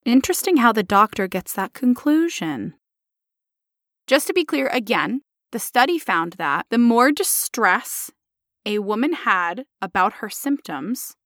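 A woman co-hosting a podcast, sarcastic and incredulous as she walks through the findings. Her pitch swings widely and her voice is bright and a little high. The sound is close and dry. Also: no room sound. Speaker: podcast co-host. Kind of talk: casual podcast chat.

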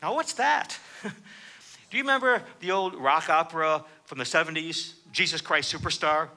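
Bright, lively-voiced male preacher. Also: a little high, moderate pace. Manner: animated, acts out quoted dialogue with rising emphasis. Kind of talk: sermon.

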